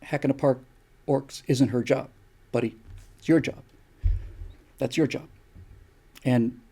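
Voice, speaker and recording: A man's voice: medium pitch, gravelly, mellow, husky. An older man hosting a show, delivering an opinion monologue with emphatic, repeated rhetorical questions. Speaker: show host.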